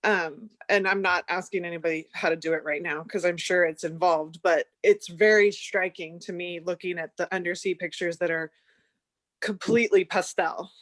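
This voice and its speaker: A woman asking curious questions in a casual group discussion on a video call, pausing with um. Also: lowish voice, steady tone, no room sound.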